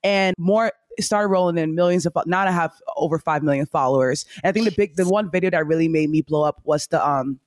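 A young adult woman guest on a podcast, telling her story in an upbeat, animated way. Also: low voice, brisk, hardly any pauses, dry recording, clean studio sound. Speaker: content creator guest.

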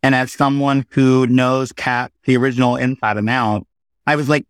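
Animated male theater performer, dry sound. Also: medium pitch, clear, resonant tone, dry recording. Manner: animated storytelling, quick asides. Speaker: guest, Broadway performer. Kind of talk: casual interview chat.

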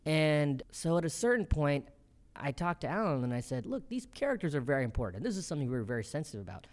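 A man in his thirties, a comedian being interviewed, telling quick, animated stories and acting out quotes. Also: fairly high pitch. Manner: quick, animated storytelling with acted-out quotes and laughter. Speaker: comedian and show creator, guest. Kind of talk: casual interview.

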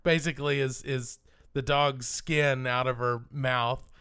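A man co-hosting a podcast, calmly retelling film scenes in a relaxed, dry manner. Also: mid-range voice, measured pace, clear, resonant tone. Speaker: podcast co-host. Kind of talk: casual film-review chat.

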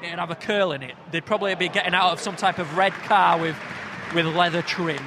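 A man's voice: high voice, fairly quick, crowd noise, background noise. A man co-hosting a podcast, bantering and teasing his co-host in casual chat. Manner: joking, teasing.

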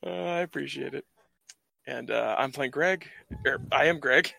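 A man's voice: mid-range voice, normal speed, creaky, sharp tone, husky, no echo. An American man from the United States, a guest player chatting casually and joking with a ready laugh. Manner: jokey, laughs often. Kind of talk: casual chat.

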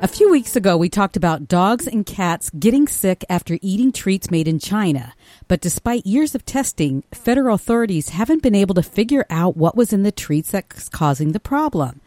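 A woman reading a radio news update, clear and measured. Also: medium pitch, very animated, mellow, dry recording, soft background music. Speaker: news reader.

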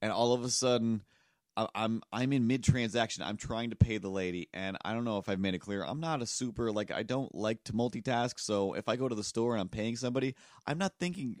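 Man, low-pitched, dry close mic, casual rambling podcast host. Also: dry recording. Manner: rambling, self-deprecating, acts out voices in stories. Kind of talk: casual chat, storytelling.

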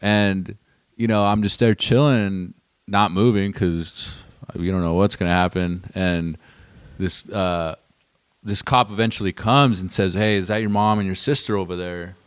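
A man telling a long story in casual chat, animated and swearing often. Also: deep voice, measured pace, smooth, dry recording.

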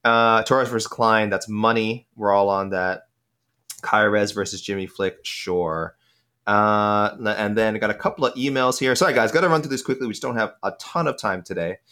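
A young man co-hosting a casual sports podcast, reading out listener picks quickly with lots of fillers and restarts. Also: fairly low pitch, pushed and bright, smooth. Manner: quick, rambling, self-interrupting with many fillers.

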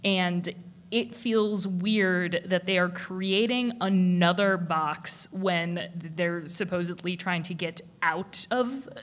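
A woman speaking on a panel in a casual discussion, animated, with many restarts and laughs. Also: fairly low pitch, slow.

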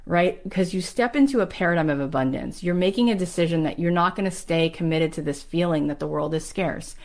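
A woman hosting her own podcast, talking earnestly and emphatically in a motivational monologue, telling quick stories. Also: lowish voice, a little mellow. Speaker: podcast host.

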